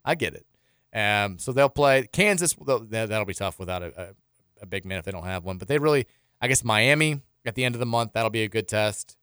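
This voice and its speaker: A man's voice: on the low side, lively intonation, fairly quick, fairly bright tone, clean tone, no room sound, clean studio sound. Rambling male sports radio host. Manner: loose and rambling, with frequent restarts and chuckles. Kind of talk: casual sports radio talk, reading listener texts. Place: radio studio.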